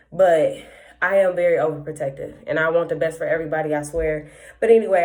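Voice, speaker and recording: A young woman hosting a podcast, telling a long story in a rambling, profane, animated way with heavy slang. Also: low voice. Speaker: podcast host. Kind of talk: casual storytelling monologue.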